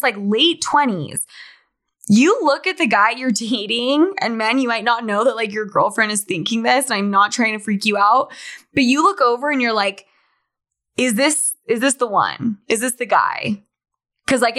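A woman's voice: fairly high pitch, pushed and bright. Chatty young woman podcasting. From Salt Lake City, Utah, USA. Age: 20s. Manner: candid, chatty, swears freely, says "like" often. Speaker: podcast host. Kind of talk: casual monologue.

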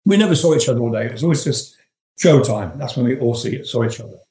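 A man's voice: mid-range voice, lively intonation, fast, mellow. A man in his seventies from England, a guest telling rambling, profane anecdotes with frequent chuckles. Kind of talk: storytelling interview. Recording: roomy echo.

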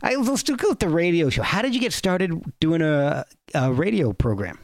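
A man's voice: a little high, very animated, moderate pace, no room sound, studio quality. A man hosting an interview podcast, asking questions and giving short encouraging reactions. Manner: encouraging, brief reactions and laughs. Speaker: podcast host.

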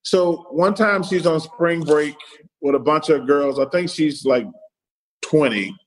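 A man's voice: on the high side, measured pace, low-quality recording. A middle-aged man from Alabama, telling casual stories as a podcast guest, acting out dialogue and repeating "I said". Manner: retells stories in quoted dialogue, keeps repeating "I said". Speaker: podcast guest, former pro athlete. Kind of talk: casual storytelling.

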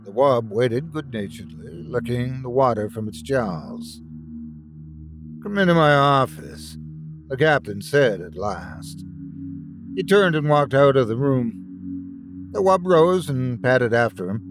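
A man narrating a scripted story in an expressive, dramatic way. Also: mid-range voice, measured pace, over music. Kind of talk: scripted horror story reading.

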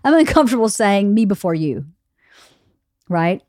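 A woman's voice: medium pitch, very animated, normal speed, darkish tone, no room sound, clean studio sound. A woman hosting a podcast, chatting casually with friends in a blunt, teasing way and swearing freely. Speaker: podcast host. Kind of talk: casual chat among friends.

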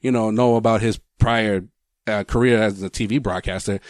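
A man's voice: on the low side, fairly even intonation, normal speed, dry recording, clean studio sound. Laid-back podcast man. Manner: laid-back, agreeable, lots of fillers. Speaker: podcast co-host. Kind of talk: casual chat.

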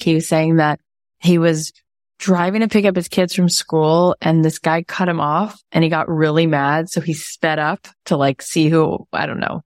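A woman's voice: no room sound, clean studio sound. A woman hosting a podcast, chatting casually and animatedly, telling a friend's story. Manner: animated, jumps into high voices for quotes. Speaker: podcast host. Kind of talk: casual chat.

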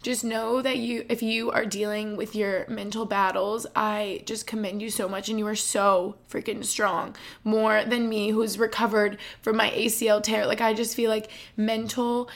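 Podcast host: a woman in her twenties, effusive and chatty, rambling and tender, medium-pitched voice. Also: little pitch movement, moderate pace, gravelly, few pauses. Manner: effusive, rambling, heavy use of "like"; emotional and tender. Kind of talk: casual heartfelt chat.

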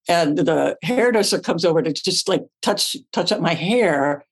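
Animated woman telling stories, lively pitch. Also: normal speed, few pauses, slightly rough. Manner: lively, acts out her own past lines, swears casually. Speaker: actress and podcast guest. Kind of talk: animated storytelling.

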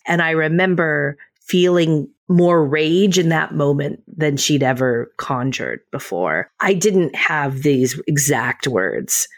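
Low-voiced, earnest woman podcast co-host. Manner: earnest, reflective storyteller. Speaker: parenting podcast co-host, mother. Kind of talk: casual podcast chat.

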